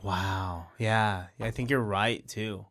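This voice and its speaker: A man's voice: fairly low pitch, fairly even intonation, takes it slowly, fairly bright tone. A man hosting a podcast, chatting casually and asking curious, playful questions. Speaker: podcast host. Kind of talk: casual chat.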